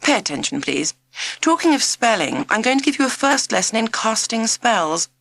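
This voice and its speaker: A quirky modern witch schoolteacher, as a woman reads her in a storybook, speaking quietly but firmly with a brisk edge. The voice lifts higher and louder than the narration and swings widely in pitch. The recording is dry and close. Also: big pitch swings, gravelly, dry recording, full character voice.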